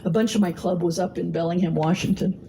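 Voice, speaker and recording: A woman's voice: fairly low pitch, fairly even intonation, fast talker, mellow, slight background noise, poor audio. A middle-aged woman telling her own recovery story at a meeting, blunt and salty, with plenty of fillers. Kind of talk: personal testimony talk. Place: meeting hall.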